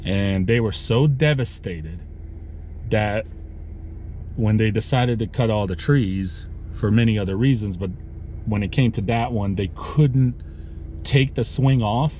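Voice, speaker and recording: A man telling a sad story from his work in a vlog while driving, speaking haltingly with many restarts. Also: on the low side, warm tone, a little hiss or hum. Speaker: lawn care business owner vlogging.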